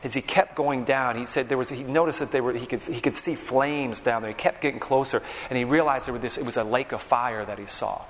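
A man preaching a sermon in a large hall, his voice trailing off in long reverb. He tells stories with urgency and keeps checking in with his listeners, asking "okay?" and "all right?". His pitch sits in an ordinary middle range. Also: a little fast, few pauses. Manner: storytelling, addresses crowd with frequent "okay?" and "all right?".

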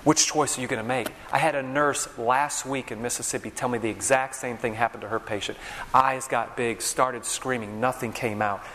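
A man preaching a sermon in a large hall, his voice trailing off in long reverb. He tells stories with urgency and keeps checking in with his listeners, asking "okay?" and "all right?". His pitch sits in an ordinary middle range. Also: fairly even intonation, moderate pace, a bit bright, slight background noise. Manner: storytelling, addresses crowd with frequent "okay?" and "all right?".

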